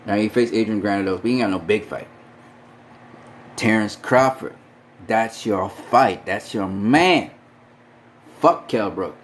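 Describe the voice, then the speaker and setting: A man's voice: fairly low pitch, unhurried, pauses often, a little hiss or hum. A man giving a casual, profane opinion monologue as a boxing commentator. He is emphatic and repeats his points for stress.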